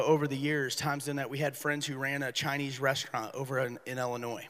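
A man speaking at a ministry workshop, telling stories in an animated way and acting out the people in them. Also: fairly high pitch. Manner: animated storyteller acting out voices. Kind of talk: storytelling talk. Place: workshop hall. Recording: live talk in a hall with long reverb.

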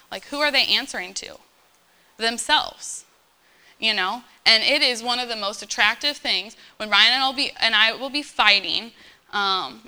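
A woman's voice: medium pitch, pushed and bright, clean tone. A woman in her thirties giving an informal church talk, chatty and earnest, full of fillers and checking in with "okay?". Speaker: church speaker. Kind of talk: informal sermon to young believers.

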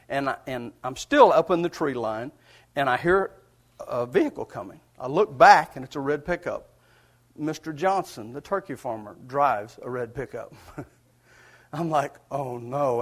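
Folksy high-voiced preacher man. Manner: folksy, earnest storytelling with chuckles. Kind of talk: storytelling sermon.

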